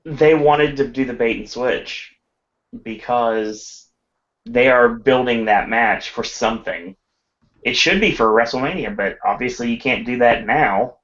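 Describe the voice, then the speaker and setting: A man on a wrestling podcast panel, explaining at length in a measured way. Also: medium pitch, fairly bright tone. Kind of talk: casual wrestling chat. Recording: dull lo-fi sound.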